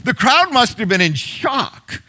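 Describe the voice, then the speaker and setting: With big pitch swings and a slightly slow delivery, a middle-aged pastor preaches to his congregation in a high, bright voice. He retells a story in his sermon, repeating phrases for emphasis and letting some words sink to a near hush before he builds back up.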